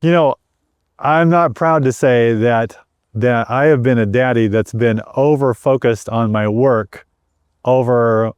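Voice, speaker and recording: A middle-aged man tells a personal story as an interview guest, speaking earnestly at an ordinary pitch for a man. He often repeats words and restarts his sentences as he goes. The recording is dry and close, with no room echo. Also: a little slow, darkish tone, smooth. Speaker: guest sharing a personal testimony.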